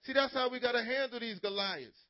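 A man preaching an energetic call-and-response sermon to teenagers as youth pastor, telling stories dramatically. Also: very high voice, a little fast, dry recording. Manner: dramatic storytelling, swings from loud to hushed. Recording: dull lo-fi sermon recording.

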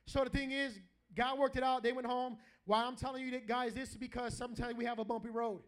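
High-voiced pastor guy preaching in church, animated, jokey, calling out to the crowd. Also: quick pace. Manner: animated, joking, calls out to the congregation. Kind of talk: lively preaching sermon. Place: church hall with a live congregation.

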